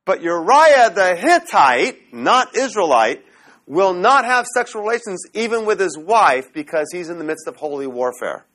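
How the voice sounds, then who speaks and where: A man teaching a Bible class in a classroom lecture style, animated and often checking in with the class. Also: high-pitched, normal speed.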